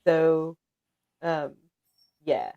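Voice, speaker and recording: A woman's voice: deep voice, sing-song, extremely slow, dull audio. A woman from the United States hosting a casual livestream chat, talking freely, laughing often and reading viewers' comments aloud. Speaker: livestream host.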